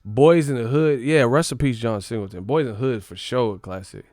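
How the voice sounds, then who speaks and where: A man chatting casually on a livestream, animated and profane, laughing often. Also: medium pitch, brisk, no room sound, faint music behind.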